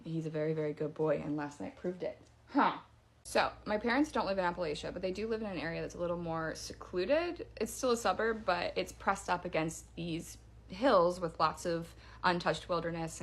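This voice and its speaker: A woman's voice: lowish voice, vocal fry. A woman casually telling a first-person scary story in a chatty way, with fillers and restarts.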